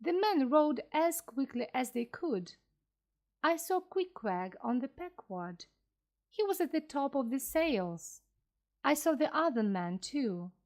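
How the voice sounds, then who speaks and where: Brief: woman narrator, slow graded-reader storytelling, bright lilting voice. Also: high voice, very animated. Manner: clear, careful reading aloud.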